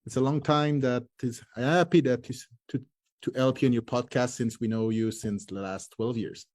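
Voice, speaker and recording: French Canadian man in halting English. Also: medium pitch, steady tone, darkish tone. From Quebec, Canada. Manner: halting non-native English with restarts. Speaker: guest, forage lecturer. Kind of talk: casual interview.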